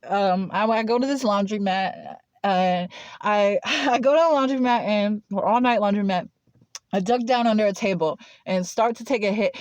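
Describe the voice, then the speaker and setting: A woman in Nashville, with a mid-range, somewhat mellow voice, tells a personal story; there's no echo and the highs are cut off. Her telling is casual and rambling, packed with "like" and restarts.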